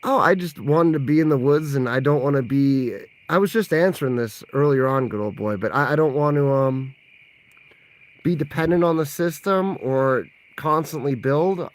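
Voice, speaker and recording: This vlogger speaks at a normal speed in a fairly high voice. He's answering viewer questions during a casual livestream, chatty and rambling, often laughing as he responds to messages in the live chat.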